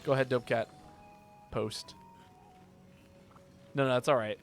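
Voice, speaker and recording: A man's voice: mid-range voice, measured pace, faint music behind. A man streaming a game, chatting casually and joking with viewers as he plays. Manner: relaxed, joking, reads chat aloud. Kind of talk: casual gameplay chat with viewers.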